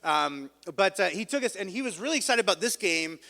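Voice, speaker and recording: A man preaches from the stage, spinning a self-mocking story with lots of animation. His voice is a bit high and forceful. The sound rings out with the long reverb of a large church hall. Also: expressive, a little fast. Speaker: pastor. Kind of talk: sermon with a told story.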